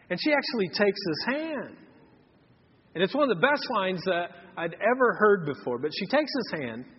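A man's voice: high voice, slightly rough. A man, preaching a sermon in a folksy storytelling way and acting out the people he quotes. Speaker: pastor. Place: church hall. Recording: dull, reverberant church hall.

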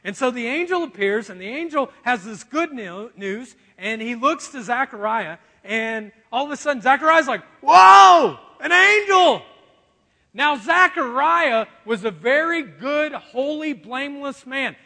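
A man preaching a sermon in an animated, joking way, acting out quotes as he goes. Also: extremely high pitch, normal speed, few pauses. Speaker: pastor. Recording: long reverb of a large hall.

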